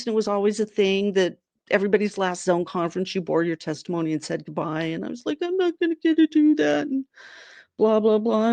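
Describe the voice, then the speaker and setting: Recorded dry, a medium-pitched woman from Arizona shares a personal story as an interview guest. She gets animated, raising her voice to act out the people she quotes.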